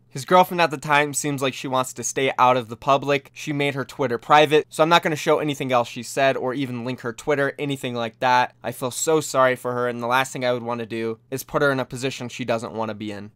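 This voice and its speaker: A man's voice: mid-range voice, a bit bright, clear, resonant tone, dry recording. A man giving emphatic, indignant vlog commentary straight to his viewers. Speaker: esports commentary YouTuber. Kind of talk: scripted-sounding vlog commentary.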